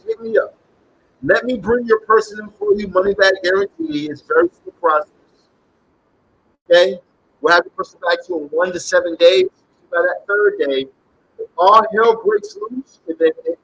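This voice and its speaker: A man making a loose, rambling pitch straight to his viewers. His voice sits fairly high and swings widely up and down. He circles back to the same points and tags "okay?" onto his sentences. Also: a bit bright, a little hiss or hum, rough recording. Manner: rambling and repetitive, keeps checking in with "okay?". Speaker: self-styled shaman and spiritual reader. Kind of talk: casual direct-to-camera pitch.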